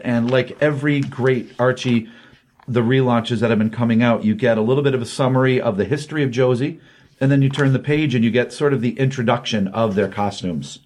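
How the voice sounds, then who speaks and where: A man's voice: mid-range voice, a little mellow. Chatty guy rambling thru a comic book recap, lots of ums. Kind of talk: casual recap of a comic issue.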